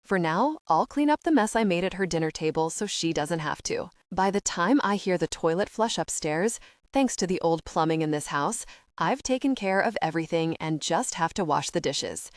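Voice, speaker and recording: A woman narrating a first-person romance audiobook in an intimate, even tone. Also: fairly low pitch, normal speed, no room sound, clean studio sound.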